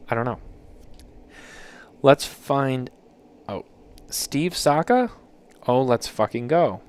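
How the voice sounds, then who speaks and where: A man at a middle pitch hosts a casual chat, reading listener submissions aloud. He reacts in a loose, joking way and swears freely. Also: lively intonation, slow pace, pauses often, darkish tone, clean tone. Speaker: podcast host.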